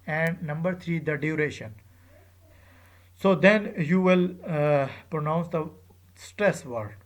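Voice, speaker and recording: A teacher giving a recorded lecture to students, speaking hesitantly with frequent fillers and repeated phrases, drawing out and stressing example words. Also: mid-range voice. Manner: drawn-out, emphatic example words.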